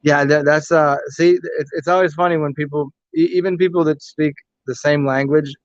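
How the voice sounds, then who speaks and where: Casual American guy hosting a chat stream, cursing and joking, a touch high-pitched, dull dry recording. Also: steady tone, moderate pace, no room sound. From United States. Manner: profane, joking, rambling with many restarts. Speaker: livestream host reading chat. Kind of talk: casual rambling livestream chat.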